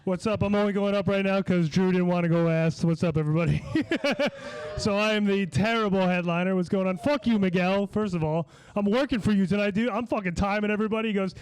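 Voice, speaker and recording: A man with a somewhat high voice performs rambling stand-up in a small comedy venue. He sounds slightly tipsy and slurs his words a little. His delivery is loose and casual, full of restarts and swearing. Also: fairly quick, few pauses, darkish tone, smooth. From Long Island, New York.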